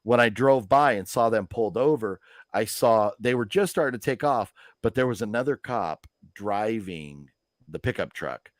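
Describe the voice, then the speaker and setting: Chatty low-voiced man. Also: lively intonation, moderate pace, no room sound, studio quality. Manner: rambling, chatty storyteller with many fillers. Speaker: host of a live movie news stream. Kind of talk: casual chat.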